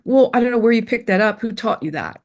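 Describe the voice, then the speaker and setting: In an interview, a middle-aged woman talks earnestly about self-esteem, her voice on the high side, expressive and quick. She's emphatic, circles back to the same phrases, and her speech is peppered with fillers and restarts.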